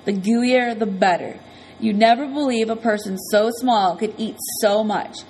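A woman's voice: medium pitch, a little slow, a little mellow, slight background noise, low-quality recording. A woman narrating an audiobook in the first person, earnest and conversational.

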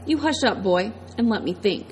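A woman's voice: mid-range voice, lively intonation, moderate pace, darkish tone, slight background noise, lightly acted, poor audio. A woman reading the lines of a controlling ex-convict man turned preacher, in a commanding drawl with a mocking edge. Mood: menacing.

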